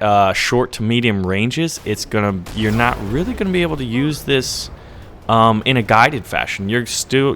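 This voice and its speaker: A young man talking over gameplay as a channel host, chatty and excitable, rambling and often checking in with "right?". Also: fairly low pitch.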